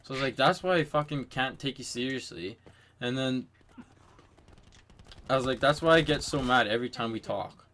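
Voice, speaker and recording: A man's voice: medium pitch, animated, normal speed, long pauses, fairly bright tone, slight background noise. A young man telling a story to friends in a casual voice chat, rambling with lots of fillers and swearing.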